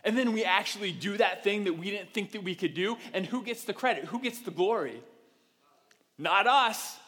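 A man preaching a sermon in an animated, self-deprecating way, acting out the voices he quotes, in a church auditorium. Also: high voice, moderate pace. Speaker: pastor. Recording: reverberant hall.

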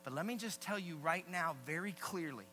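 A man preaching a sermon as a pastor, emphatic and animated, swinging between loud emphasis and hushed asides. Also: high voice, fairly quick, faint music behind. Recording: long hall reverb with faint mains hum.

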